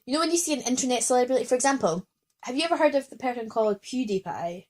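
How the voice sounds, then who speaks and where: Young woman, podcast host, a bit drunk; loose, rambling, profane chat, higher pitch. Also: expressive, rapid-fire. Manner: rambling, swears freely. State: tipsy. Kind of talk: casual chat.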